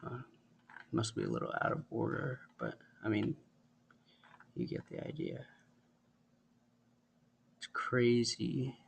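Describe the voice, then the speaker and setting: A man's voice: medium pitch, huge pitch swings, takes it slowly, creaky, pauses often, a little hiss or hum. A man casually walking through a screen-recorded tech tutorial, thinking aloud in an offhand way.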